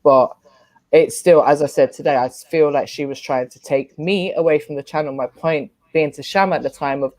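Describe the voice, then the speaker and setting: A woman's voice: deep voice, steady tone, moderate pace, a little mellow, no room sound. A woman with an Irish accent, talking earnestly at length on a casual live panel. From Ireland. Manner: earnest, explains at length with fillers.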